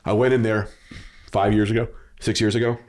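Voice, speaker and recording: A man's voice: on the low side, brisk. A man in casual podcast chat, telling a story with lots of swearing and acted-out quotes. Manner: animated, swearing, acts out quotes.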